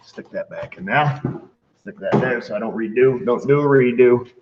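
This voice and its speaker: A man's voice: mid-range voice, normal speed. A man hosting a casual mail call in his repair shop, joking and reading letters aloud with asides. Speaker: mechanic and channel host. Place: auto repair shop bay. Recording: dull lo-fi sound with faint noise.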